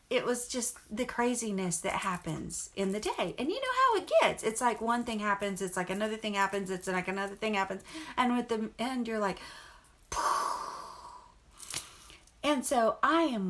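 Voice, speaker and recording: Middle-aged woman vlogger, bright and clear tone, rambling earnest chat to camera. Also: mid-range voice, lively intonation, moderate pace, a little hiss or hum. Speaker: vlogger and mother. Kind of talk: casual storytelling to camera.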